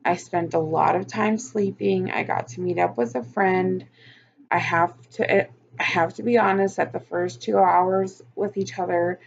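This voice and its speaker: Gravelly-voiced woman venting on her vlog. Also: lowish voice, lo-fi sound, slight background noise. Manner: frank, swears often, venting. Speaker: vlogger. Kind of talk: emotional personal vlog.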